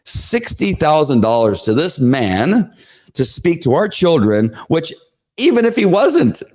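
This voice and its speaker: A man on his own show talks a little slowly through a school board meeting recap, casual and animated, with plenty of fillers. When he imitates the crowd, his voice leaps up in pitch.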